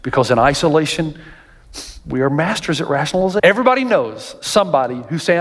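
High-voiced pastor preaching in a reverberant hall. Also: male voice, quick pace. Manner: animated, jokey storytelling, rising to near-shouts. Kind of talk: sermon.

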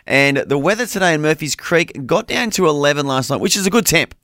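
A man's voice: a little high, lively intonation, fairly quick, pushed and bright, dry recording. An Australian man co-hosting a morning radio show, chatty and teasing in casual studio banter. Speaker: radio breakfast co-host. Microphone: studio microphone.

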